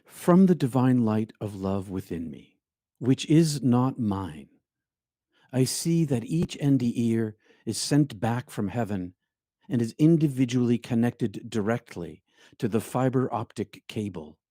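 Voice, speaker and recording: A middle-aged man giving a reflective spiritual talk as host, often dropping into quiet, hushed phrases. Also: mid-range voice, expressive, no echo, studio quality. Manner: slow, reflective, drops to near-hushed phrases. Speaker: spiritual speaker and show host.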